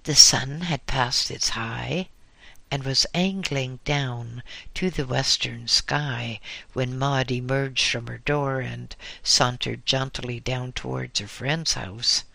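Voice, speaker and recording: A man reading a story aloud in an unhurried, dry, wry manner. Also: mid-range voice, fairly even intonation, vocal fry, bright, forceful tone, no echo. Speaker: narrator. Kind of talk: storybook narration.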